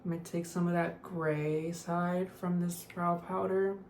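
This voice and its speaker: A young female beauty vlogger chats casually through a makeup tutorial, dropping "like" fillers and offhand remarks throughout. Her voice is lowish and a little mellow, with little pitch movement and a measured pace. The room is echoey, with faint noise.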